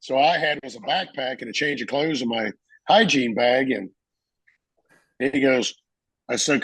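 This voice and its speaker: A Marine veteran telling a story in a casual interview, acting out the voices of people in it and laughing often. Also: male voice, mid-range voice, animated, unhurried, pauses often, fairly bright tone, breathy edge, no echo, rough recording.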